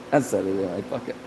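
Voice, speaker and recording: A man's voice: lowish voice, vocal fry, mellow, slight background noise, poor audio. A man hosting a casual livestream from a car shop, chatting with viewers and laughing constantly between lines. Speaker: livestream host. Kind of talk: casual live chat with viewers.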